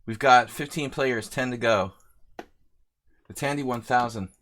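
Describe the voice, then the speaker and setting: A man's voice: medium pitch, unhurried, fairly bright tone, a little hiss or hum. Man, chess streamer, casual live-stream chat, rambling, reads out viewer names, mid-range voice. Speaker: chess streamer hosting a simul.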